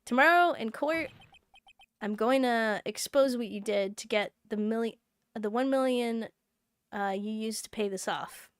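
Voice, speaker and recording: A woman voicing an earnest young male defense lawyer from a video game, speaking with quiet determination. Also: on the high side, measured pace, clean tone, dry recording, lightly acted. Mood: determined.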